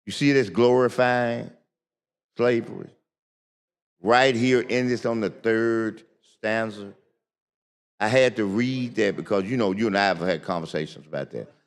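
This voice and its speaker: An older man, a state senator, speaking slowly and deliberately in a floor debate, repeating words for emphasis. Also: on the low side, smooth. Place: legislative chamber. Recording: long reverb of a large chamber.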